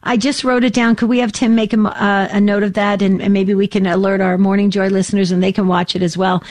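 A woman in her sixties, co-hosting a casual radio show, telling a story with animated, acted-out voices. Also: mid-range voice, fast, no echo. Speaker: co-host.

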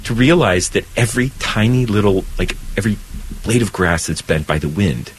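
Speaking at normal speed with a breathy edge, a man who is a priest talks earnestly and animatedly about faith on a conversational show. His voice rises when he's stirred, and the recording is low quality.

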